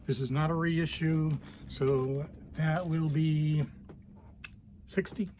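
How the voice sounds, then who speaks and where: A record store owner walking through new arrivals in a casual, offhand way, quickly listing titles and prices. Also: male voice, on the high side, fairly even intonation, mellow, slight background noise. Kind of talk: casual product walkthrough.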